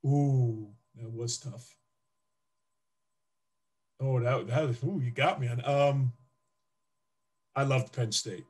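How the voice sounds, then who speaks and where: A man's voice: medium pitch, takes it slowly, long pauses, breathy edge. A man, a former football player telling emotional stories as an interview guest. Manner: animated, emotional storyteller acting out scenes. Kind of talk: casual interview storytelling.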